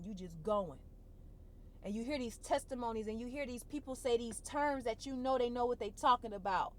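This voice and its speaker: A tearful woman vlogger with a fairly high voice offers an emotional personal testimony, doing her best to hold back tears. She talks in an everyday, expressive manner and repeats herself for emphasis. Slight background noise is audible.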